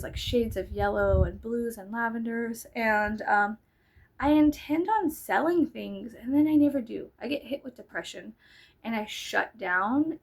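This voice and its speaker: Rambling, gravelly-voiced woman vlogger. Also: on the high side, a little mellow, poor audio. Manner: rambling, full of fillers and asides. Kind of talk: casual chat.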